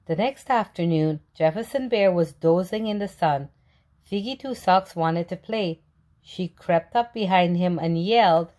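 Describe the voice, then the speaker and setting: A woman reading a children's story aloud in a slow, gentle, clearly paced way. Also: medium pitch. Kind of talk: children's read-aloud narration.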